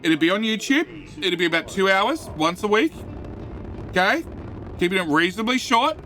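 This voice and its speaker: A man talks through a live game stream in a high, bright, forceful voice, shouting greetings and joking with his viewers. He stammers and repeats himself as he goes. Faint music plays behind him. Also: expressive, normal speed.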